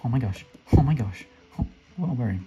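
A woman giving casual, excitable commentary while playing a game, talking to other players and squealing when she jumps. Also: rumbling low, a little fast, lo-fi sound, soft background music. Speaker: gaming channel host.

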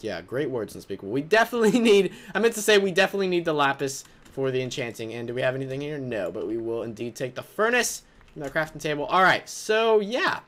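A man hosting a let's play, excitable and exasperated, saying "like" and "oh my gosh" often. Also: fairly high pitch, quick pace. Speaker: gaming video host.

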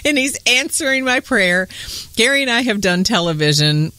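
A woman with a Southern US accent hosting a faith podcast in casual chat, bubbly and quick to laugh. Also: on the high side, dry recording. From northern US. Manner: bubbly, laughs often, whoops with excitement. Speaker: podcast host.

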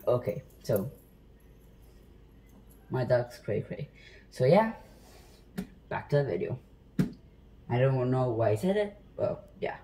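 A man rambles in an easygoing, self-mocking way as he walks through a home recipe. His voice sits at an ordinary middle pitch. His talk into a phone in his kitchen has a faint hum of room noise behind it. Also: very animated, slow, pauses often, warm tone. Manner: joking, self-deprecating, rambling with restarts. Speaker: home cooking vlogger. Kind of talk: casual rambling how-to chat.

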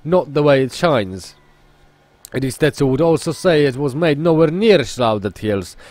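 A man's voice: fairly high pitch, animated, a little slow, darkish tone, dry recording. A man voicing a boastful male merchant of rare oddities, with a theatrical, put-on Italian accent that slips now and then. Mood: grandiose. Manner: theatrical, refers to himself in third person, stumbles on the accent.

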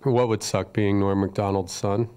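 A man's voice: fairly low pitch, steady tone, normal speed, warm tone, clean tone. A man co-hosting a podcast in casual, offhand, joking chat. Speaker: podcast co-host.

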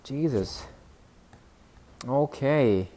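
Young male streamer, slow-talking but jumpy, yelps sky-high then drops low, faint gunfire underneath. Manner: excitable, yelps in sudden high bursts; teasing banter with chat. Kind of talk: live game commentary.

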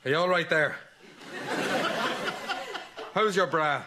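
An actor playing a naive, cheerful young priest in a sitcom. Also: male voice, a little high, slow pace. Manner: naive, blurting. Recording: noisy TV sitcom audio.

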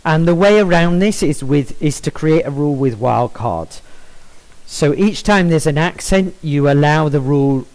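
Man, slightly high voice, software walkthrough, measured, explanatory, frequent ums. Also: animated, low-quality recording. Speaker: software tutorial presenter. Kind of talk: screen-recorded software walkthrough.

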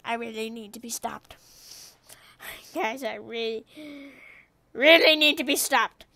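A woman hosting a gaming channel, giving excitable let's-play commentary and talking to herself as she plays, shrieking whenever she loses. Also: on the high side, a little slow, creaky. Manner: excitable, talks to herself while playing, shrieks when killed.

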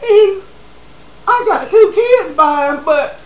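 A man's voice: lively intonation, takes it slowly, a bit bright, lo-fi sound, full character voice. A man voicing a desperate young woman guest on a talk show, crying and wailing her confession. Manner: wailing, crying high-pitched pleas. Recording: roomy echo.

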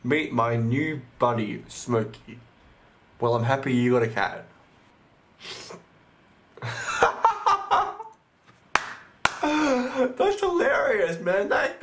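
A man hosting his own channel, giving casual reaction commentary, gushing and exclaiming often, with the odd casual swear. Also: mid-range voice. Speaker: channel host.

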